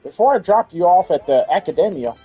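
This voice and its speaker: Southern guy rambling on a game stream, dark husky voice, music low behind. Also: big pitch swings, quick pace. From Tennessee, US. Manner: rambling, jokey, many "uh" and "or whatnot". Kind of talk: casual let's-play chat.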